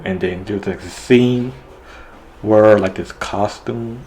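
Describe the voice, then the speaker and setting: A man's voice: lowish voice, fairly even intonation, a little slow, slight background noise, rough recording. A man casually retelling a TV episode, rambling with lots of fillers. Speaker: show reviewer.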